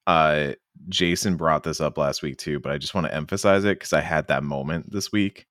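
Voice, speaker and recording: A man talking enthusiastically on a casual game podcast, animated and quick to act out characters. His voice sits very low. The close mic leaves it dry. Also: dry recording.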